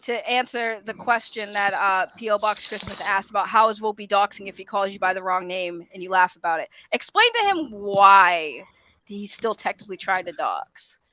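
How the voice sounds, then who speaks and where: A woman chatting casually on a gaming talk show, teasing the others in a playful, excitable way. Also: mid-range voice, normal speed, hardly any pauses, slight background noise, poor audio. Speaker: panelist on a gaming chat show. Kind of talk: casual chat.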